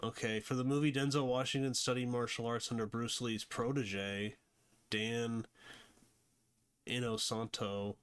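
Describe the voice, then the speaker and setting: A man's voice: mid-range voice, level tone, unhurried, a bit bright, clean tone. A man hosting a casual movie review, rambling with many fillers and restarts. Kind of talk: casual unscripted commentary.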